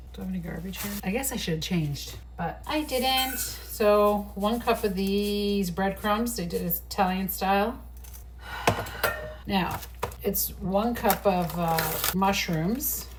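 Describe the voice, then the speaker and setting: Cooking in her home kitchen, a middle-aged vlogger chats casually and swears freely to a phone on a tripod. Her voice is medium-pitched and slow, picked up by the phone mic from across the kitchen, distant and with background noise.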